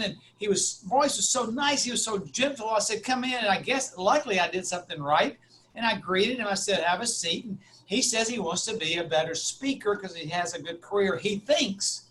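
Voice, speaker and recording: A university instructor speaking as a webinar guest, telling a story with animated, acted-out dialogue. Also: male voice, high-pitched, a little hiss or hum. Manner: animated, acts out dialogue in a raised voice. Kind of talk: storytelling talk.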